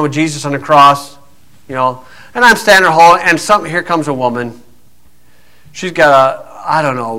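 A man preaches bluntly and scornfully, chatty and folksy, with plenty of fillers. His voice sits high for a man and sounds bright and forceful. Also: poor audio.

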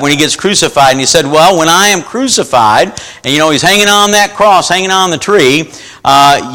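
A man preaching a down-to-earth sermon, his voice pitched a little high and sounding bright and forceful. He reads scripture, then keeps throwing questions back at his listeners in a folksy, repetitive way. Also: rough recording. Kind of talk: informal sermon with scripture reading.

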